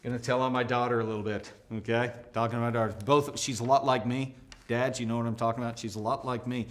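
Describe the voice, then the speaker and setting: A man's voice: medium pitch, flat delivery, quick pace. A middle-aged American man teaching a leadership lesson at a whiteboard, talking emphatically and acting out quoted voices. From United States. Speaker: leadership trainer.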